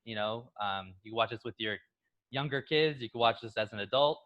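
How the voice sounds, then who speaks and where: Man, podcast co-host, casual film review, animated storytelling, mid-pitched voice. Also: lo-fi sound. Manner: animated retelling of scenes with quick character impressions. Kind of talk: casual movie review chat.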